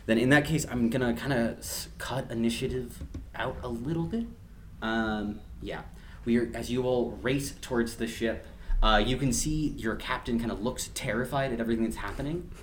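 A man's voice: medium pitch, normal speed, slight background noise. A man narrating as game master for a tabletop game, rambling with lots of fillers and laughing along with his players.

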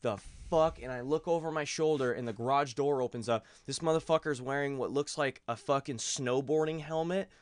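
A young man at an ordinary middle pitch spins a profane story, swearing freely and slipping into the voices of the people in it. He talks loosely and casually, as if among friends. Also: a little fast, few pauses, clean tone, dry recording. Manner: profane, animated storyteller who acts out quotes. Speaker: podcast co-host.

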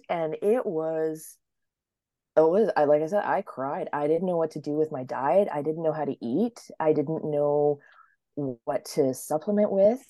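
A woman in her thirties with a low, mellow voice. She tells her story casually as a guest, often breaking into acted-out quotes. The sound is dry and close. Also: measured pace, no echo. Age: 30s. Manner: chatty, acts out quotes with sudden high-pitched voices. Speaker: interview guest.

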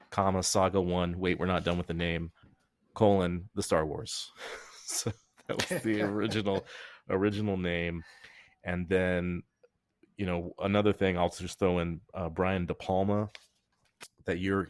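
A man's voice: deep voice, dry recording, clean studio sound. A man hosting a podcast in casual chat, rambling and joking as he tells stories, often restarting his sentences. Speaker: podcast host.

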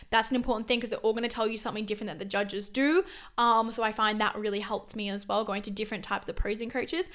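Fast-talking young woman. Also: fairly high pitch, fairly bright tone. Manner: chatty and fast, with frequent self-corrections and fillers. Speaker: podcast host. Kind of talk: casual solo podcast monologue.

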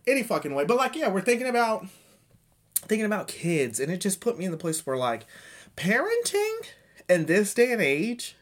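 A man in his thirties, a podcast host rambling through a profane, self-mocking comedic monologue. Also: sits high. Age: 30s.

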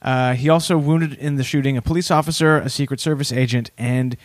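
A man's voice: mid-range voice, fairly quick, no room sound. A man co-hosting a casual comedy podcast, recapping a story with frequent laughs, recorded in an office warehouse room. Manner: animated, laughs often. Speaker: podcast co-host.

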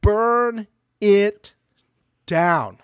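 A man's voice: sits high, drawn-out words, clear, resonant tone, no echo, studio quality. A man co-hosting a podcast, recapping a reality show in casual chat, swearing and acting out what people said. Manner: animated, swearing, acts out quotes. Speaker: podcast co-host.

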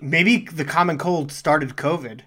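A man on a comedy podcast, deadpan and stubbornly contrarian. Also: on the high side, measured pace, breathy edge. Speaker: podcast co-host. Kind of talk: casual comedic chat.

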